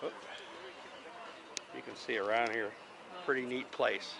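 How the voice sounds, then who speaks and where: A man's voice: mid-range voice, fairly even intonation, measured pace, creaky, noisy background. A man vlogging a tour, chatting casually and telling stories with easy fillers, recorded outdoors on a handheld camera. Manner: easygoing, chatty storytelling with fillers. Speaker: travel vlogger. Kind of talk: casual vlog narration and tour commentary.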